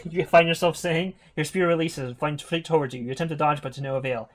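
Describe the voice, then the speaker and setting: A man's voice: on the high side, steady tone, brisk. A man streaming, reading a text adventure aloud and reacting live, laughing often and swearing in surprise.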